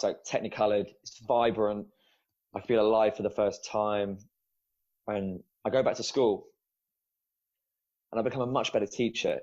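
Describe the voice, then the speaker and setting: A man with a lowish voice tells his own story as a podcast guest, open and emotional, and he swears now and then. He is a former teacher turned student coach. The recording sounds dull and lo-fi. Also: a little mellow. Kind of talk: candid personal storytelling.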